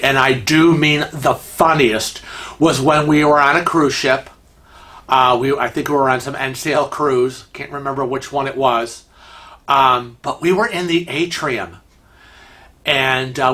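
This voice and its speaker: A man hosts a show, chatting his way through funny stories and laughing along as he goes. His voice sits a little high and sounds pushed and bright.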